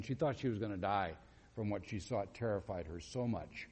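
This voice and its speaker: In a husky, lowish voice at a moderate pace, a preacher tells an animated story during his sermon, performing the quoted lines and putting questions to the congregation. A long hall reverb surrounds him.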